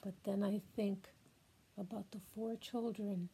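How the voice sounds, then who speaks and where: Slow, gravelly older grandmother. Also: medium pitch, steady tone, warm tone, low-quality recording. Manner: slow, emotional, repetitive, drops to whispers. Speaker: grandmother sharing a message. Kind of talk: spoken-word monologue.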